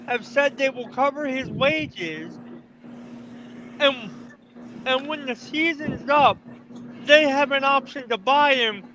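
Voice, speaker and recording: High-voiced guy on a sports podcast, keeps repeating himself, noisy background. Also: takes it slowly, pauses often, bright, forceful tone. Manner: eager, repeats words while explaining. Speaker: podcast co-host. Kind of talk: casual chat. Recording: noisy room.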